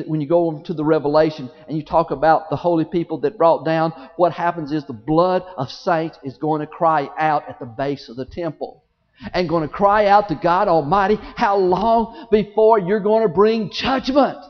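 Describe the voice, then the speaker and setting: Man, sermon, very high voice, swinging pitch and volume, rhetorical questions, dull audio. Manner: preaching with wide swings in pitch and loudness; speaks to the congregation directly, asks rhetorical questions. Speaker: pastor. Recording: dull audio in a large reverberant hall.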